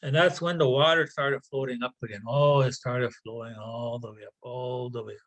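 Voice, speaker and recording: A man tells a traditional tale in a relaxed, conversational way over a video call. He often halts and repeats words, and breaks off for casual asides. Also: mid-range voice, moderate pace, rough recording. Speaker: storyteller. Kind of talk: oral traditional storytelling.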